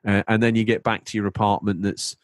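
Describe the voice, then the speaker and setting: A man's voice: lowish voice, flat delivery, fast talker, no room sound. A man hosting a podcast, rambling playfully in casual chat. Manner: playful, rambling, breaks into silly put-on voices. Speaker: podcast host.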